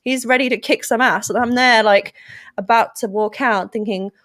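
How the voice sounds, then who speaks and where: A young woman from England with an English accent, chatting lively and playfully as a podcast guest. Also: fairly high pitch, normal speed, no echo, studio quality. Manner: lively, playful, puts on silly voices. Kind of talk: casual interview chat.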